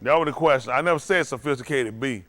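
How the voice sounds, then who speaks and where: A man hosting a casual trivia game, joking with the teams and getting animated when he argues his point. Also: quick pace. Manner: animated, jokey, rising to high exclaims. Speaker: quiz host.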